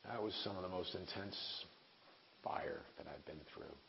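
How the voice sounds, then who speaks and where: With a deep, creaky voice at ordinary speed, a man in his forties who serves as preacher and missionary gives an earnest, conversational sermon sprinkled with wry remarks. The audio comes from an echoey hall, dull and lo-fi with faint hiss.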